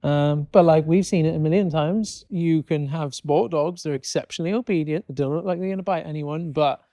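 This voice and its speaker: A man's voice: a little high, brisk, mellow, no echo, clean studio sound. A man hosting a casual talk on dog training, thoughtful and rambling with fillers. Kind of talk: casual conversation.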